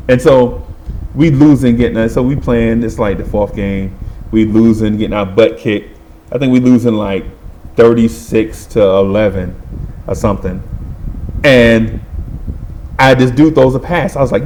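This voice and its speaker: A middle-aged man telling a comic story in lively, colloquial speech, laughing and acting out the people in it. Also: medium pitch, measured pace, pauses often, slight background noise. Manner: animated, laughing, acts out voices, colloquial. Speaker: podcast host.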